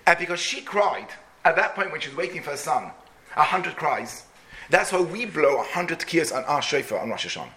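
Bright, high-pitched man telling a Torah story. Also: expressive. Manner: dramatic, slows down for emphasis. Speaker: Torah teacher.

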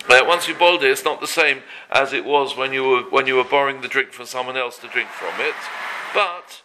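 A man teaching a daily religious law class, halting often and mixing Hebrew terms into his talk. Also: medium pitch, noisy background.

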